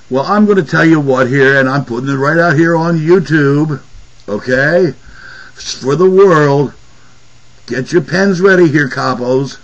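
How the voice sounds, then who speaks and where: A man's voice: medium pitch, highs cut off. A man hosting his own political commentary video, ranting angrily with profane sarcasm. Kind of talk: angry political rant.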